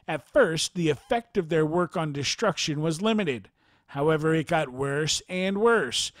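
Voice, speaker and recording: A man narrating a near-death experience account in a formal, measured reading style. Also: a little high, expressive, dry recording, clean studio sound.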